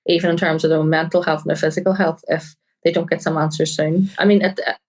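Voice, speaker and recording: A woman's voice: deep voice, little pitch movement, fast talker, low-quality recording. A woman journalist, a guest on a crime podcast, talking earnestly and often quoting people she met. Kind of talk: podcast interview.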